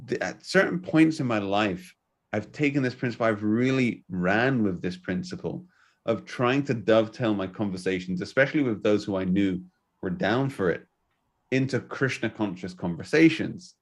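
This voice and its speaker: Man, podcast host, low voice, earnest, enthusiastic, casual spiritual chat. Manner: earnest, enthusiastic, quick bursts.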